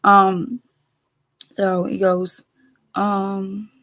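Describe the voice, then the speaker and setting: Woman, casual Bible-study teacher, chatty with lots of asides, mid-pitched voice. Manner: chatty, digressive, quick asides; animated when she quotes people.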